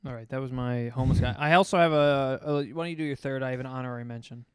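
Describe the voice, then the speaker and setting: A man's voice: mid-range voice, rapid-fire, smooth, no room sound. A man co-hosting a casual comedy podcast, joking around and acting out quoted exchanges. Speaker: podcast co-host.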